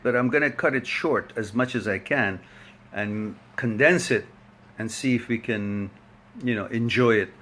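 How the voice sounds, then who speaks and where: A man's voice: mid-range voice, fairly bright tone, a little hiss or hum. A man hosting a live online talk, chatting and laughing as he greets viewers by name before starting his topic. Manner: chatty, laughs often, rambling.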